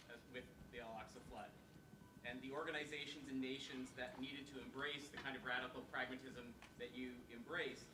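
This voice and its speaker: A man in a conference audience poses a long, carefully built question. His voice comes from far off the mic in a roomy, echoing hall with clear background noise around it. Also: medium pitch. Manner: measured, builds long questions. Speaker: audience member asking a question.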